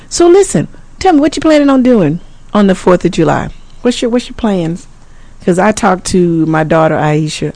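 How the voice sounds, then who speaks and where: A woman in her fifties, a pastor and preschool teacher, telling a story in an animated, chatty way, often repeating herself and laughing. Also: fairly low pitch, no room sound. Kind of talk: casual storytelling to camera.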